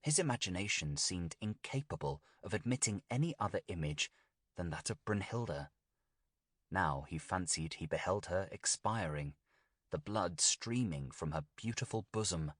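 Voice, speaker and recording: Deep, husky male storyteller. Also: dry recording, studio quality. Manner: steady, deliberate storytelling. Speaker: narrator. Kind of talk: audiobook reading of a gothic tale.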